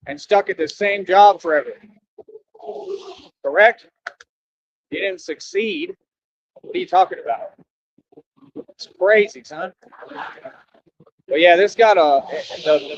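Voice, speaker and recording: Young guy w a country twang ranting and lecturing his stream, kinda high voice, muffled lo-fi audio w faint hiss. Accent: American country. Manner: preachy, lecturing, brash. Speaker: live streamer. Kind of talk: ranting monologue to viewers.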